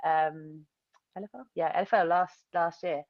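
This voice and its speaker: A young woman fighter from the UK tells her stories in a loose, rambling way, full of fillers, with a lowish voice. The recording is dry and a bit muffled, like a lo-fi interview setup. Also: moderate pace, dry recording. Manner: rambling, animated storytelling with many fillers and acted-out quotes. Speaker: MMA fighter, interview guest. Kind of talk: casual interview chat.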